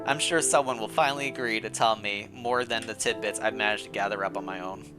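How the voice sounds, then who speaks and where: A man's voice: on the low side, steady tone, quick pace, over music. A man streamer reading a story game aloud with playful commentary, laughing often between the lines.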